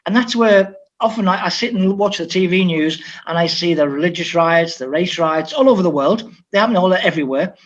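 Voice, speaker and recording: An older man from Liverpool talks as a guest about his coaching years, animated and anecdotal, often restarting his sentences. His voice sits fairly high for a man, and the recording sounds dull and lo-fi. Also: a little fast, few pauses. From Liverpool, England. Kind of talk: storytelling interview talk. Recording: dull lo-fi audio.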